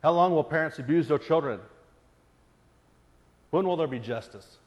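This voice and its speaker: A man's voice: on the high side, animated, moderate pace, lo-fi sound. A man preaching a sermon in an earnest voice that presses into pleading questions. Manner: earnest, rising to pleading intensity on repeated questions. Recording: long hall reverb.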